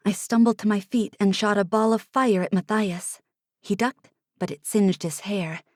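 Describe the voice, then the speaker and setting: A woman narrating a first-person fantasy audiobook in a hushed manner, sometimes dropping to an unvoiced whisper, close to a studio mic. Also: medium pitch, moderate pace, no room sound. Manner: hushed, drops to unvoiced whispers in tense passages.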